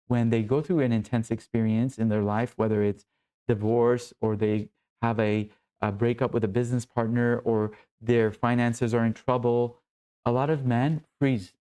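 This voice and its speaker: A man's voice: mid-range voice, fairly even intonation, moderate pace, mellow. A man coaching other men, talking earnestly and with emphasis in short phrases. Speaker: men's coach. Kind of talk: motivational teaching talk.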